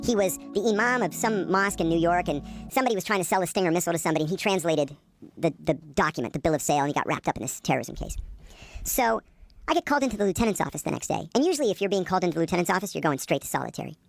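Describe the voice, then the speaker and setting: A man rattles through a story at a quick clip, his pitch swinging widely as he animates each beat. He talks casually and swears freely, close and dry on the mic, with faint music underneath. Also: lively intonation, gravelly, no echo. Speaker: guest telling a prison story. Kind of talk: casual spoken anecdote.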